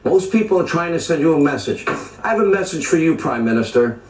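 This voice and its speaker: A man's voice: on the high side, expressive, fast, darkish tone, echoey room, far from the mic, low-quality recording. A man delivering opinionated TV commentary as host, emphatic and stacking lists of charged phrases. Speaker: TV news commentator.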